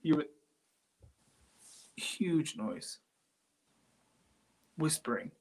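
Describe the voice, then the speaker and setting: Appearing as a guest on a live show, a paranormal investigator rambles excitedly through stories from inside an old building at night, chatting casually from the site. His voice is fairly high and extremely slow.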